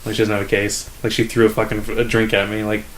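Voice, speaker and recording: A young man co-hosting a comedy podcast, telling a rambling story full of "like" and acting out customers in a higher voice. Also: monotone, fast talker. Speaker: podcast co-host. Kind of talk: casual storytelling chat.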